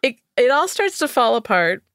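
A woman's voice: fairly high pitch, big pitch swings, moderate pace, fairly bright tone, smooth, no room sound, clean studio sound. A young woman co-hosting a casual podcast, telling a story in a chatty way full of asides and reading quotes aloud. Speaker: podcast co-host.

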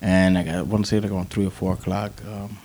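A man's voice: low voice, fast talker. A man, an army veteran, telling a war story in casual, profane talk and acting out quotes. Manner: profane, animated, acts out quotes.

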